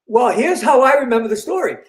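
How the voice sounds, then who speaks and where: A man's voice: very high-pitched, fast talker, reverberant. An older man with a Boston accent, a comedian telling stories with lots of laughter and character voices. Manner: lively, laughs often, slips into character voices. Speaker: comedian guest. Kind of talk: animated storytelling.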